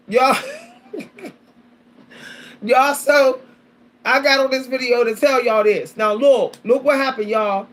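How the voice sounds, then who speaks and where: A woman's voice: sits high, fairly even intonation, slow, pauses often. A woman vlogger talking casually and animatedly to her viewers, often repeating herself, calling out to them and laughing between points. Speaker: spiritual vlogger.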